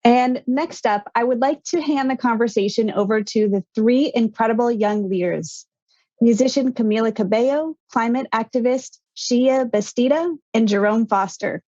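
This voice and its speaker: Woman moderator, formal scripted, higher pitch, dry muffled sound. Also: normal speed, darkish tone, no echo. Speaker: event moderator. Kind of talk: scripted presenting. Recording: dull dry lo-fi audio.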